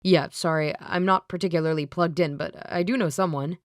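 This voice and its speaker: Woman doing a helpful young guy, calm, reassuring, lowish voice. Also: fairly quick, no room sound, clean studio sound, lightly acted.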